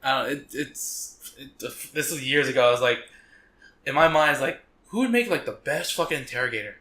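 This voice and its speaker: A man co-hosting a casual podcast, swearing freely and rambling through stories he acts out in quick voices. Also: mid-range voice, expressive, pushed and bright. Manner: profane, rambling storyteller who acts out scenes in quick voices. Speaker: podcast co-host. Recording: echoey room.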